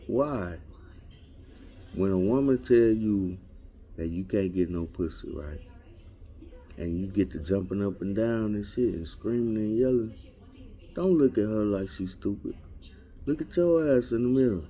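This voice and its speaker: A man's voice: fairly low pitch, lively intonation, unhurried, pauses often, dark tone. A man doing a crude, rambling comedy rant full of slang and street storytelling. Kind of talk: raunchy improvised comedy rant.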